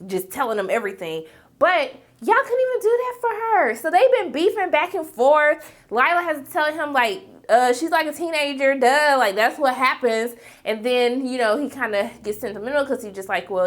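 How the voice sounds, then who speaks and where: High-voiced chatty woman recapping a show. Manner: chatty, addresses viewers as y'all, acts out characters' lines. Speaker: TV episode reviewer. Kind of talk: casual episode recap.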